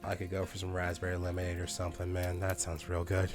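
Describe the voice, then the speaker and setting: A man's voice: low voice, completely flat delivery, quick pace, over music. A man chatting casually on a live game stream, swearing freely and barking orders at the game characters. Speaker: streamer playing a colony sim game.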